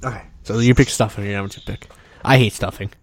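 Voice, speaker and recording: A man co-hosting a podcast, joking loudly and crudely with a friend in casual banter, often trailing off mid-thought. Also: lowish voice, fairly even intonation, fast.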